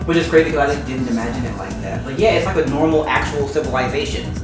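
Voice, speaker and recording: A man chats excitedly to camera about the book he's reading, his voice sitting in the middle of the range. He gushes and piles up "like" and "y'all" as he goes. The room around him rings a little. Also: mid-range voice, quick pace, loud music behind the voice. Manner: gushing, excitable, heavy use of "like" and "y'all". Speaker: book vlogger. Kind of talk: casual reading vlog. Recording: roomy echo.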